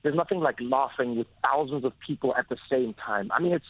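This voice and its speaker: A South African man, a comedian, is a guest on a radio interview. His speaking voice is mid-pitched, and he tells stories in a lively, animated way. The studio sound is dull and dry, with no room echo. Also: brisk.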